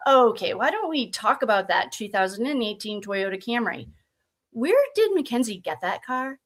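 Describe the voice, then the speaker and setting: A woman's voice: a little high, big pitch swings, normal speed. A woman reading the part of a male prosecutor who asks pointed, probing questions.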